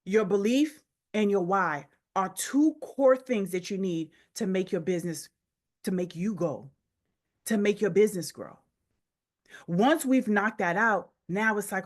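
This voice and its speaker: A woman's voice: medium pitch, lively intonation, moderate pace. Emphatic woman coaching a group. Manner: emphatic, repetitive, urging listeners directly. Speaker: business coach. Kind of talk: motivational coaching session.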